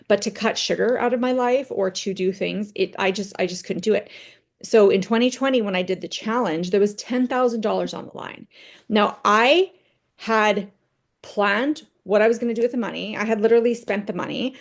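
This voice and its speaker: A woman's voice: medium pitch, normal speed, gravelly. A woman leading a team training session in a conversational motivational style, telling personal stories and checking in with "right?". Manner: conversational, tags points with "right?"; tells personal stories to make points.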